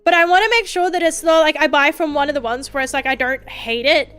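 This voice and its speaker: A high-pitched woman streaming a casual chat, talking in loose, rambling runs that keep stalling and restarting. She is candid and swears freely. Soft music plays faintly underneath. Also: fast. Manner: rambling, self-interrupting with stammered restarts; candid and profane. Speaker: VTuber streamer.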